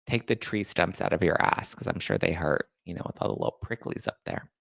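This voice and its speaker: Gravelly, campy male gossip host. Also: low-pitched, a bit bright, no room sound, clean studio sound. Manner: campy, shade-throwing, quick asides. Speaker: podcast host. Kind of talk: casual celebrity gossip chat.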